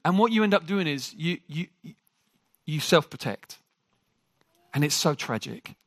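A man preaching a sermon to a congregation. He jokes with the room and talks in an animated way. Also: fairly high pitch, measured pace, no echo, clean studio sound.

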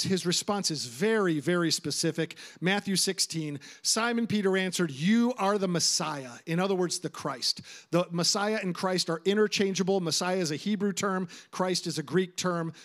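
A man's voice: high voice, a bit bright. A middle-aged man preaching a sermon as pastor, emphatic and conversational, repeating phrases for stress.

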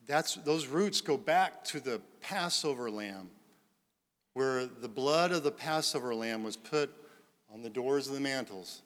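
A man reading scripture aloud and preaching in a slow, deliberate way that swells into loud, fervent proclamation, recorded in a church sanctuary. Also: medium pitch. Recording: long reverb of a large church hall.

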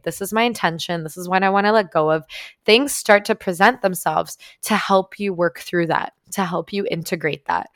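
A woman's voice: fairly low pitch, dry recording, clean studio sound. A woman casually telling a personal story to her viewers, talking loosely with lots of "like" and frequent swearing. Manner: chatty, heavy use of "like", frequent swearing. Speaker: vlogger.

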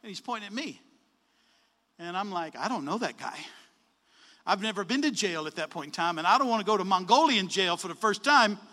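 A man telling a story in a sermon, animated, acting out the dialogue with changes of voice. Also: high-pitched, fairly quick, in a large hall. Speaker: preacher.

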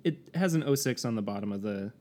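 A man's voice: lowish voice, expressive, fast talker, warm tone, a little hiss or hum. A man co-hosting a casual whiskey tasting chat, rambling, correcting himself and laughing often. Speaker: co-host of a whiskey tasting show.

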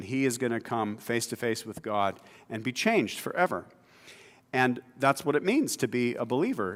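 A man preaching a sermon in a conversational style that builds to emphatic stretches. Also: medium pitch. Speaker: pastor. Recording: long hall reverb.

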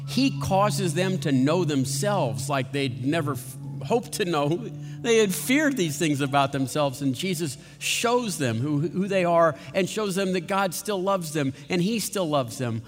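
A man preaching a sermon slowly and dramatically, building to intense questions. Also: fairly high pitch, animated, in a large hall, over music.

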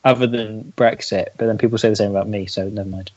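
A man's voice: on the low side, steady tone, fast, a little mellow, dull audio. Sarcastic man on a podcast. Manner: joking, sarcastic. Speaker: podcast co-host. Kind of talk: casual banter.

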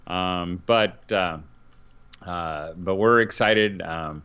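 A man's voice: deep voice, extremely slow, fairly bright tone, smooth. A tired middle-aged man co-hosting a podcast in casual chat, rambling with lots of fillers. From northern Indiana. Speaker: podcast co-host, father. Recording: dull lo-fi sound.

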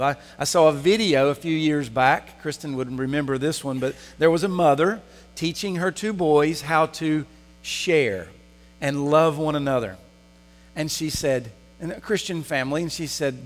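Speaking at a measured pace, a pastor with a fairly high voice preaches to his congregation in a church sanctuary, challenging them with rhetorical questions. Long hall reverb colors the recording.

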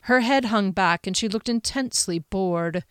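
A woman narrating a fantasy novel in a steady storytelling manner. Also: mid-range voice, moderate pace, clean tone, no room sound, clean studio sound. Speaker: audiobook narrator. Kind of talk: scripted narration.

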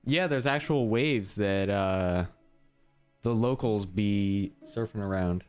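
Laid-back young man, lowish voice. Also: slow pace, a little mellow, clear, resonant tone, faint music behind. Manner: laid-back, jokey, surfer slang. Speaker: podcast co-host. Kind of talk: casual chat.

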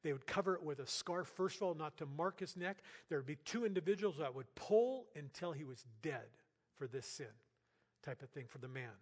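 An older man preaching a sermon as pastor in a church, talking to the congregation in an earnest, conversational way with bursts of loud emphasis. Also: a little high, lively intonation, a little fast. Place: church sanctuary. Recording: long hall reverb.

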